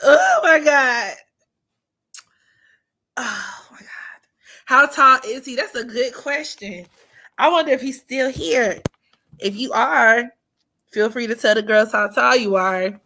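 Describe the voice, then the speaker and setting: Woman, slow unhurried talk, bright tone, playful livestream banter. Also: on the high side, big pitch swings. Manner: playful, teasing, laughs often, drops to near-whisper. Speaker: astrology livestream host. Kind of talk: casual livestream chat.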